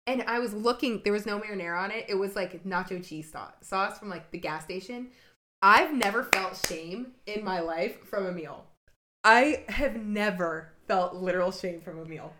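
A woman's voice: medium pitch, normal speed, pushed and bright. A young woman from Ohio co-hosting a podcast, chatting casually with lots of fillers and putting on accents now and then. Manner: chatty, many fillers, puts on accents while telling stories. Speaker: podcast co-host. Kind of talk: casual chat.

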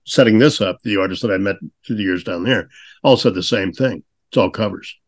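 A man's voice: fairly low pitch, brisk, no echo. Easygoing male podcast host, dry sound. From St. Louis. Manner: easygoing storyteller. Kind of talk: casual podcast interview.

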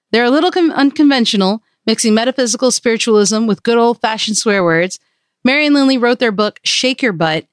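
A woman's voice: medium pitch, dry recording, clean studio sound. A woman hosting her podcast in upbeat, chatty conversation with guests. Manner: upbeat and chatty, laughs easily. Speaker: podcast host. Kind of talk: casual interview chat.

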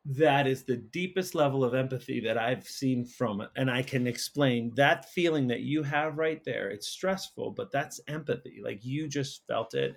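Male school counsellor, guest, earnest and emotional, mid-pitch, talks in loose restarts. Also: creaky. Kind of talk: casual storytelling conversation.

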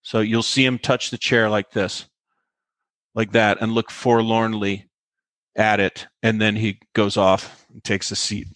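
Here the actor's voice sits lowish and moves a little slowly, with no echo. As an interview guest, he tells lively behind-the-scenes stories, acting out quotes and filling gaps with plenty of fillers.

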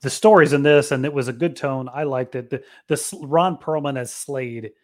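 A man's voice: medium pitch, moderate pace. A man in his thirties co-hosting a podcast, chatting casually in a playful, enthusiastic, teasing way. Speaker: podcast co-host. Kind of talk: casual chat.

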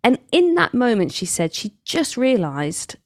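Animated English woman, dry sound. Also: unhurried, no room sound. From England. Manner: animated, quoting others with big pitch jumps. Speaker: author and guest. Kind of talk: conversational interview storytelling.

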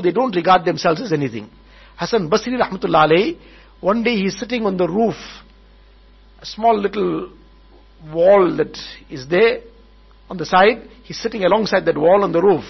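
A man's voice: high voice, expressive, normal speed, vocal fry, husky, lo-fi sound. A man preaching at a wedding gathering, telling a story and repeating each point several times. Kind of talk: storytelling sermon.

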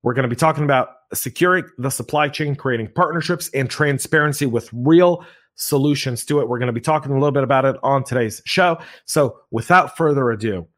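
A man hosting a podcast in an upbeat, joking way. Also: mid-range voice. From United States. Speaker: podcast host.

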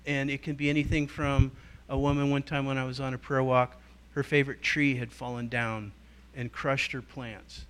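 This middle-aged man's smooth, mid-range voice moves at a moderate pace with few pauses as he teaches a church gathering as a guest. Animated in his storytelling, he acts out quoted voices and changes his delivery along the way.

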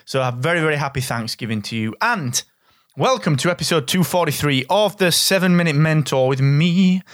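A middle-aged man with a Northern English accent, hosting a solo business podcast in an energetic, straight-talking, jokey way. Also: on the high side, fairly quick, dry recording, clean studio sound. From Northern England. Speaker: podcast host.

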